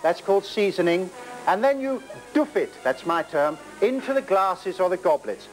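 A theatrical man hosts a spoof cooking show and hams up every step. He yelps in high squeaks now and then, and faint music plays underneath. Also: expressive, normal speed, poor audio. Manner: hammy and theatrical, with sudden squeaky exclamations. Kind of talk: comic cooking demonstration.

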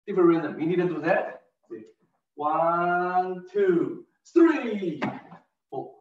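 Slow-counting tai chi teacher, man. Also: high voice, animated. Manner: counts beats aloud, short broken phrases. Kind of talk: step-by-step movement instruction. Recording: distant roomy lo-fi recording.

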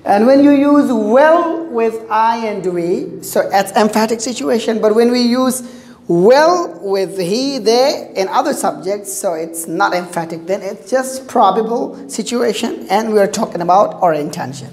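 A woman's voice: a little high, animated, a little slow, a little mellow, roomy sound. A woman teaching an English grammar lesson, explaining patiently with lots of examples and repetition.

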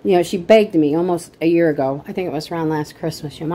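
A woman's voice: sits low, quick pace, dark tone, a little hiss or hum, rough recording. A middle-aged woman vlogging at home on her phone, chatting casually, rambling, emotional and indignant. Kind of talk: casual chat to camera.

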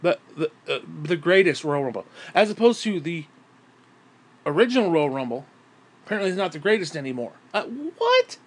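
A man delivering an exasperated, profanity-laden solo rant, sighing and swinging between yelling and muttering. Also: fairly high pitch, expressive, a little fast, husky. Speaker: wrestling commentary YouTuber.

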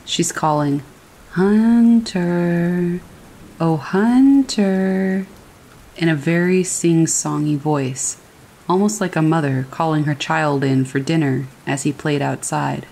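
A woman narrating horror stories in a calm, steady way, as a scripted reading. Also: sits low, a little slow, gravelly, poor audio. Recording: faint rain behind the voice. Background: rain falling.

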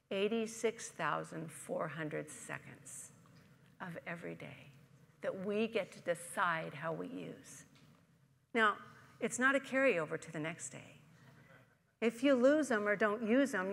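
Woman minister, conversational sermon, gravelly tone, long reverb of a church hall. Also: on the low side, lively intonation, measured pace. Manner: warm storytelling, conversational, asks the congregation questions. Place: church sanctuary.

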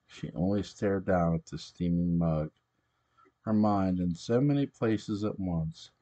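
A man reading a story aloud, unhurried, stopping now and then to correct his own slips. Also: low-pitched, dark tone, lo-fi sound.

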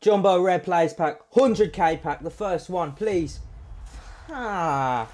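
Sweary excitable streamer lad. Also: male voice, high voice, a little slow. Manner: excitable, sweary, loud outbursts at good pulls. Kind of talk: live-streamed pack opening commentary.

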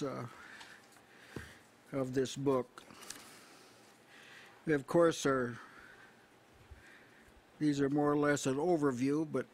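A man preaching an expository sermon at a small house church, measured and repetitive, slowing on key words. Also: mid-range voice. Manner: measured, repeats phrases, slows on key words.

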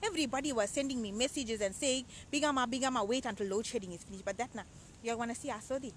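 A woman playing a loud, bossy middle-aged aunty who hosts her own show, chatting and teasing, outdoors at a beach. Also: fairly high pitch, fast talker, slight background noise, lightly acted. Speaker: show host.

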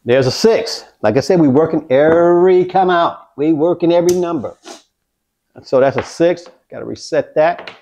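A man vlogging his craps practice, talking viewers through each throw with excitement. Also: a little high, moderate pace. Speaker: dice-control craps vlogger. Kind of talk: casual play-by-play while throwing dice.

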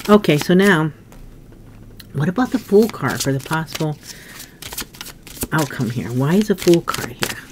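A woman giving a casual tarot reading, musing aloud as she turns cards, often coughing and clearing her throat. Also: low voice, animated, a little slow, long pauses, background noise. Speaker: tarot reader.

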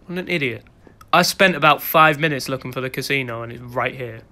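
A man's voice: medium pitch, brisk, pushed and bright. A man giving let's play commentary, muttering to himself and breaking into sudden yelps and laughter. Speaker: gaming video host.

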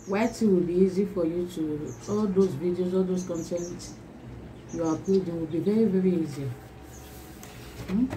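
A woman's voice: on the low side, dark tone, slight background noise, low-quality recording. A woman vlogger unboxing a new laptop, gushing and repeating her exclamations again and again, laughing between lines. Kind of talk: excited unboxing vlog.

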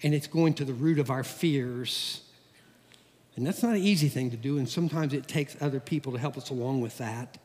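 A middle-aged man, a pastor, preaching a sermon in a church, with a folksy, animated manner and homey everyday stories. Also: mid-range voice, a little fast. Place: church sanctuary. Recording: long hall reverb.

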